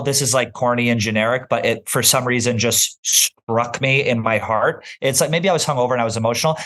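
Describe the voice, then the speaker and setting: A man co-hosting a podcast in casual chat, playful and teasing in quick banter. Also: medium pitch, a bit bright. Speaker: podcast co-host.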